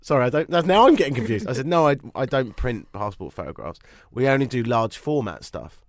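A man's voice: medium pitch, sing-song, fairly quick, dry recording. A British man hosting a radio talk show, sniffly with a cold, bantering and joking at his own expense. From Britain. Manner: chatty, self-mocking banter.

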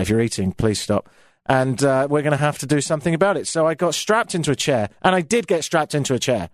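A man's voice: medium pitch, no room sound. A man from Britain hosting a radio show, telling a self-mocking comic story from his studio microphone.

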